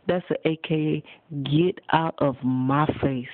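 A man preaching a sermon, addressing his listeners directly and accusingly at a deliberate pace. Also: fairly high pitch. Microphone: phone. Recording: tinny phone recording, dry.

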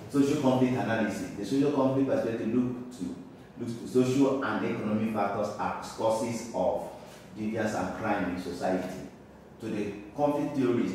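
A man's voice: medium pitch, dark tone. A man with a Nigerian English accent giving a university lecture, explaining by repeating his points and chuckling now and then. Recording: very echoey room, distant mic, faint noise.

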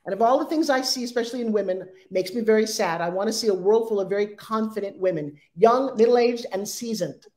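A woman in her sixties speaking as an interview guest, animated and acting out sales pitches in quoted voices. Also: a little fast, hardly any pauses. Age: 60s. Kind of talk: energetic interview talk.

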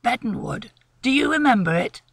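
Well-spoken young gentleman, persistent and coaxing, dry close read by a woman. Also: on the high side, expressive, normal speed, husky, no echo, exaggerated voice.

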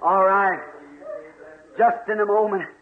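A man's voice: high voice, fairly even intonation, slow. A man preaching a fiery sermon in a church, folksy and full of exclamations. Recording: tinny echoey old church tape.

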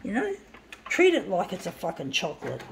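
Angry swearing woman, gravelly. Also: mid-range voice, wildly swooping pitch, brisk, slight background noise, poor audio. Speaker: craft vlogger. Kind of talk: ranting while crafting.

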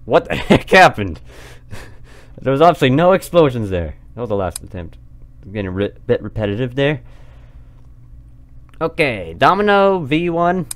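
A man's voice: mid-range voice, big pitch swings, normal speed, long pauses. A man giving casual gameplay commentary, chatting, laughing and talking at the game. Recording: noisy compressed recording.

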